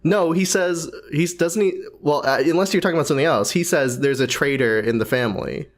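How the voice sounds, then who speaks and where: Animated man casually recapping a film. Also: fairly high pitch. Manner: animated, laughs often, retells scenes with quick asides. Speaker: co-host of a movie review show.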